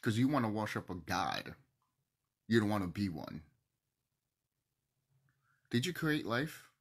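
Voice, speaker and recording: Husky guy ranting to camera, low-ish voice, gets loud then drops to almost a whisper, kinda teary. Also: sing-song, measured pace. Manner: passionate, swings between loud outbursts and hushed near-whispers, swears. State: emotional, teary. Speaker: video host.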